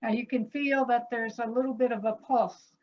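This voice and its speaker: Woman composer, explanatory talk, spells out example words slowly, muffled video call audio. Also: fairly high pitch, fairly even intonation. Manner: illustrates points by speaking words slowly.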